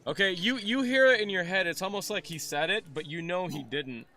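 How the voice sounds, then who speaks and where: A young man narrating as game master, chatty and animated, restarting his sentences often. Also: high voice, fairly quick.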